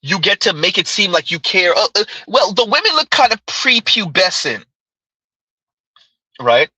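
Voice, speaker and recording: A man of Caribbean descent hosts a live commentary stream, reading comments and ranting emphatically while addressing chat directly and repeating phrases. His high voice is very animated, unhurried, bright, forceful, and husky, captured in a dry, low-quality recording.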